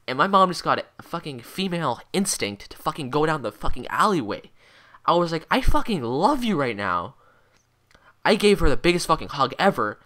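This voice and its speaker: A teenage boy in his mid-teens telling a rambling, excitable story in a casual vlog, swearing constantly and filling gaps with "like" and "um". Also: fairly high pitch, brisk. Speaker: vlogger.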